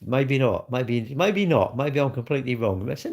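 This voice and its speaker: Gravelly-voiced man rambling on a live stream. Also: mid-range voice, lively intonation, normal speed, over music. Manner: rambling, chatty, reads and answers viewer comments. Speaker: livestreamer and car dealer. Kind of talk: casual live stream chat. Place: at work, indoors.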